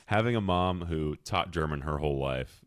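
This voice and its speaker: A man's voice: very deep voice, normal speed, no echo, clean studio sound. A man co-hosting a podcast, chatting in a friendly, upbeat way with plenty of fillers, speaking into a podcast microphone. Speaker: podcast co-host. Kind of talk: casual podcast chat.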